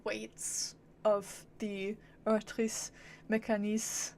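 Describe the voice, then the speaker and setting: A woman's voice: medium pitch, monotone, drawn-out words, darkish tone, a little hiss or hum. A woman streamer giving casual, playful commentary on a game, teasing and swearing.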